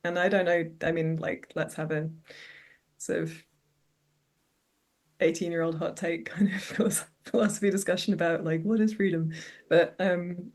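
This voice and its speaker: A podcast guest in a casual chat, talking in a quick and reflective way. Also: mid-range voice, flat delivery.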